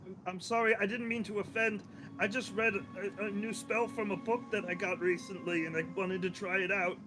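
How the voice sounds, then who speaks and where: A man's voice: sits high, steady tone, moderate pace, background noise. A man playing a tabletop game, talking in a hesitant, joking way with many fillers. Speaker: player.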